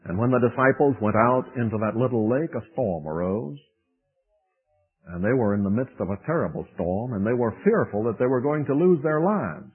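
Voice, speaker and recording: A man preaching a sermon lecture, swinging between loud emphasis and hushed tones, with a husky voice. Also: mid-range voice, animated, normal speed. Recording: tinny phone-like old radio recording.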